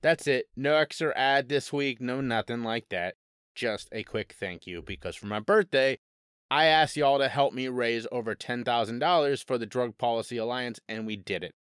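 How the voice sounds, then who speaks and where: A male podcast host speaks straight to his listeners in a quick, upbeat way. His voice is smooth and resonant. The recording is dry and close. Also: medium pitch, a bit bright, no echo. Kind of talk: direct address to listeners.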